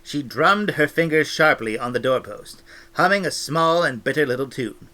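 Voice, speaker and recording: Guy reading a fantasy book out loud, bright voice, really into it. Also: on the high side, moderate pace. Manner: expressive, animated storytelling. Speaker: audiobook reader. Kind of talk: reading a novel aloud with asides.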